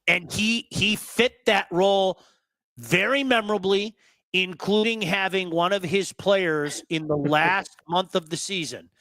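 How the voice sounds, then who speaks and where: A man hosting a casual hockey talk show, telling blunt, animated stories and repeating words for emphasis. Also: high voice, a little slow, dry recording. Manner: blunt, swears.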